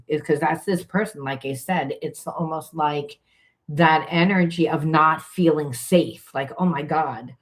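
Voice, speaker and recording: Low-voiced woman coaching in a rambling way. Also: slight background noise. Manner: rambling, conversational, frequent restarts and fillers. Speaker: spiritual coach. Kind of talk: informal coaching monologue.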